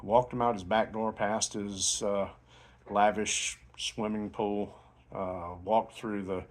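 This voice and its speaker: A man's voice: on the low side, flat delivery, slow pace. A man giving a casual motivational sales talk, telling a long story in a rambling way with many fillers and restarts. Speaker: network marketing promoter.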